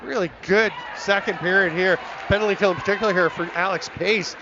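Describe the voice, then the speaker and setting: Man, play-by-play caller, high voice, quick excitable calls, slightly muffled broadcast sound. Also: a crowd in the background, noisy background. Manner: rapid, excitable calls of the action. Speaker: play-by-play commentator. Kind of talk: lacrosse play-by-play commentary.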